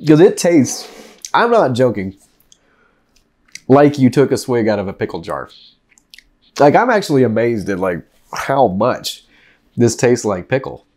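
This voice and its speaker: A man talks to his desk mic in a loose, joking way, laughing through his own asides as he reviews a drink. His voice sits at an ordinary pitch, and he is still worn down from eating a painfully hot chip. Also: very animated, a little slow, pauses often, darkish tone. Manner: joking, rambling, laughs often. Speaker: vlogger reviewing food and drinks. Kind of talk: casual chat to camera.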